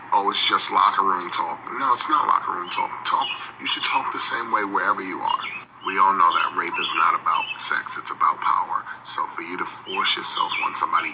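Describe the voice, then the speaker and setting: A man giving quick, emphatic commentary in a lecturing tone, driving his point home by repeating one phrase. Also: low-pitched. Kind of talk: quick social media commentary. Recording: recording with noticeable background noise.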